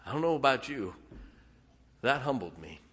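A man preaching in a church sanctuary, his voice carrying a long reverb off the walls. He talks in a folksy, homespun way at a middle pitch, sinking into quiet stretches before building to loud bursts. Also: big pitch swings, normal speed, slightly rough. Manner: folksy, swings from hushed to loud exclamations. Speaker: pastor. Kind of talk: sermon.

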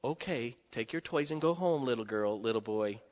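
A man's voice: mid-range voice, animated, moderate pace. A middle-aged man preaching a sermon, joking and folksy, with sudden emphatic rising bursts. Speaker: pastor. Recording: long hall reverb.

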